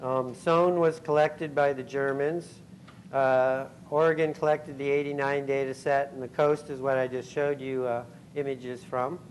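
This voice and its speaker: A man giving a scientific conference talk, pausing often with ums and uhs and clearing his throat. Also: medium pitch, level tone, slight background noise, rough recording. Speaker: conference speaker. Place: convention center hall.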